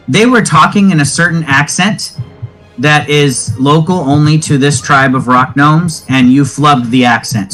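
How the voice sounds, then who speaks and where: A man's voice: on the high side, fairly bright tone, rough recording. A man acting as game master in a tabletop game, chatting and explaining the rules at length. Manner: chatty, explains rules at length, quick questions when puzzled. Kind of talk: running a tabletop game, casual chat.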